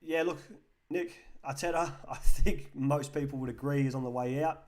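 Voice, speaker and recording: A man's voice: medium pitch, moderate pace, a little mellow. English man hosting a football stream. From England. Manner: chatty, reads out viewer comments and answers them. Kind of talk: casual live-stream chat reading comments.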